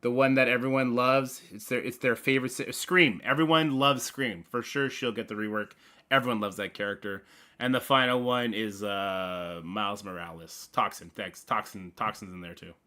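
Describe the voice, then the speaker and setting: A man hosting a casual gaming livestream, rambling playfully with sudden loud bursts and mumbled asides. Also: fairly low pitch, steady tone, normal speed.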